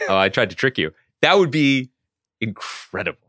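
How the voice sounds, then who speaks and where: A man's voice: mid-range voice, moderate pace, no room sound, studio quality. A man co-hosting a podcast, chatting casually and riffing with jokes. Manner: joking, animated riffs. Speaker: podcast co-host. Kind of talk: casual chat.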